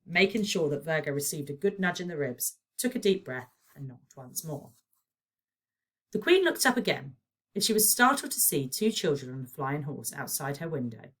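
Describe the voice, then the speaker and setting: British teacher lady reading a kids book out loud, low voice, goes up and down a lot. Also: moderate pace. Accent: British English. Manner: expressive storytelling. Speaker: primary school teacher. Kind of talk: reading a children's novel aloud.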